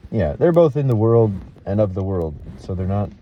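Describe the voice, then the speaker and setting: A man telling an emotional personal story in a halting, earnest way, full of restarts and fillers. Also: fairly low pitch, sing-song, lo-fi sound.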